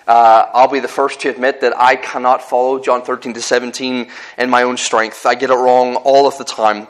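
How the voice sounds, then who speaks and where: A man's voice: medium pitch, flat delivery, normal speed, poor audio. A man with a Northern Irish accent preaching a sermon in an earnest, conversational way, often restarting his phrases and telling personal stories.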